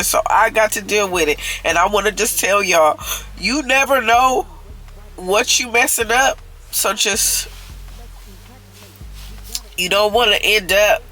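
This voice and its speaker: Woman vlogger, bright edgy voice, heartfelt storytime confession, talks straight to her viewers. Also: mid-range voice, low-quality recording. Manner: earnest, repeats herself, keeps addressing viewers as y'all.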